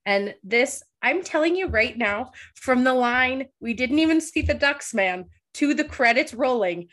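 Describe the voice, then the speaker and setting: A woman's voice: sits high, lively intonation, measured pace, a bit bright. A young adult woman co-hosting a casual recap podcast, emotional and tearful, laughing through her crying. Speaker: podcast co-host. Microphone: studio microphone.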